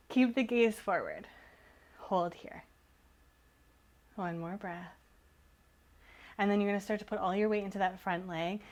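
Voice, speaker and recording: A woman instructor giving calm, encouraging yoga cues while moving, slightly out of breath. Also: medium pitch, moderate pace, long pauses. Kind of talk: guided yoga class cues.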